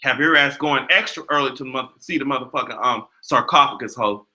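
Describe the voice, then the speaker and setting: A young man hosting a livestream, delivering a profane, sassy and animated casual rant. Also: mid-range voice, fast. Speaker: livestream host.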